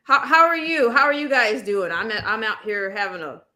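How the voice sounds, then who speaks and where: A woman hosting a casual livestream, talking in a loose, rambling way full of restarts and fillers. Her voice is bright and forward. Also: fairly high pitch, expressive, normal speed, a little hiss or hum. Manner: rambling, many restarts and "you know". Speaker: livestream host.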